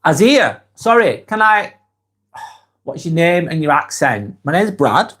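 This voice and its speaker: A man with a Lancashire English accent hosting a live stream, reading viewers' comments aloud and answering in a relaxed, chatty way, tired and fatigued. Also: on the high side, slow, slightly rough. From England.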